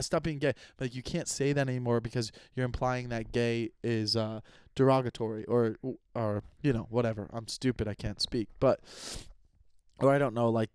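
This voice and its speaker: A man's voice: mid-range voice, a little mellow, clean tone, no echo, clean studio sound. A young man hosting his own podcast, rambling casually with self-mocking humor and frequent cursing. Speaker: podcast host and comedian. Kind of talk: casual solo podcast monologue.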